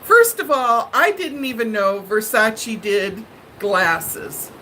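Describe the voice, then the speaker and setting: A woman hosting a live stream, telling viewers a story in a dramatic, animated way and laughing often. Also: a little high, slow pace, slight background noise, poor audio.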